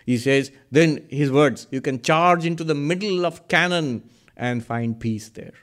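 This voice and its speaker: A man giving a spiritual discourse, earnest and lively, asking questions and answering them himself. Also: fairly high pitch, measured pace. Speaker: Vedanta teacher.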